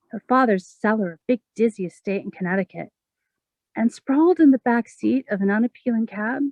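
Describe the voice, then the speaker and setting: Woman poet, measured expressive reading, creaky tone, close dry mic. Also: mid-range voice, no echo, lo-fi sound. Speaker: poet reading her own work. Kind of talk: poetry reading.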